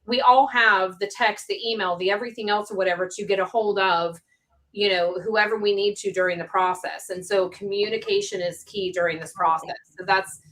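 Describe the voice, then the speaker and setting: A woman's voice: medium pitch, steady tone, brisk, a bit bright, low-quality recording. A woman host talking casually with many fillers and asking her guests questions. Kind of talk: casual conversation on a show.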